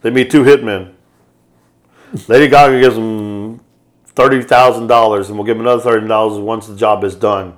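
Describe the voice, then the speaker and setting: A man on a podcast casually retelling a film's plot in a loose, rambling way, slipping into quick voiced quotes. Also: on the low side, steady tone. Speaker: podcast host. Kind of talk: casual movie recap.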